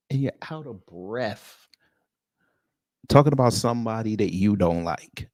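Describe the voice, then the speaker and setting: A man hosts a reaction stream, commenting casually on clips he plays. His pitch swings widely as he teases and mocks. The sound is dry and close to the mic. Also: expressive, measured pace, pauses often, warm tone, no room sound.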